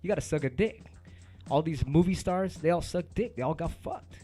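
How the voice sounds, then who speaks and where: A man with a somewhat high-pitched voice rambles to his viewers in a loose, heated rant full of swearing and street slang. He talks like a host chatting off the cuff. Faint music plays behind him. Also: animated, moderate pace, dark tone, slightly rough. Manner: emphatic, heated. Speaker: DJ and stream host.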